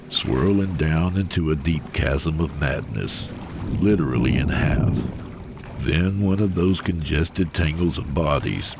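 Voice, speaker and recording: A man reading a horror story aloud in a slow, measured, grim delivery. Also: a bass voice, noisy background. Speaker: narrator.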